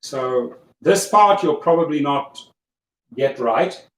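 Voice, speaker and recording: A man's voice: a little high, expressive, slow pace. A man with a South African accent hosting a casual livestream, coaching listeners in an emphatic, repetitive way. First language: German. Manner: coaching, emphatic, repeats himself. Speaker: livestream host. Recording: echoey room, far from mic, faint noise.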